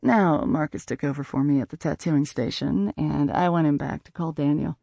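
Male audiobook narrator, mellow and dry, measured conversational read. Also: fairly high pitch, creaky, no echo. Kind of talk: first-person audiobook narration.

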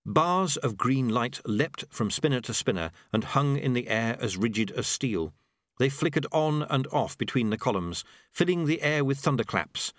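A man reading a novel aloud in measured, expressive scripted narration. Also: medium pitch, dry recording, clean studio sound. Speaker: audiobook narrator.

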